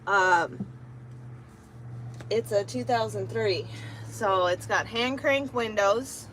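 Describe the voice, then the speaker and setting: A woman's voice: medium pitch, slow, fairly bright tone, a little hiss or hum, poor audio. A woman truck driver chatting casually on a live stream from inside her truck cab, talking to her viewers and her cat.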